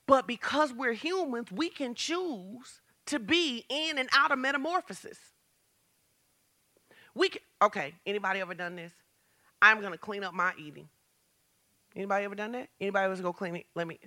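A woman pastor preaching a lively sermon, asking the congregation questions and building to shouts. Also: fairly high pitch, fairly quick. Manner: talks straight to the congregation with questions.

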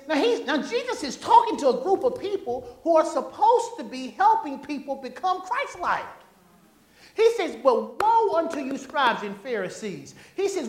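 Prédicateur animé dans une église qui résonne. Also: high voice. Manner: animated, call-and-response preaching; folksy, conversational asides. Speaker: pastor. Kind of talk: sermon. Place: church sanctuary. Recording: echoey church room.

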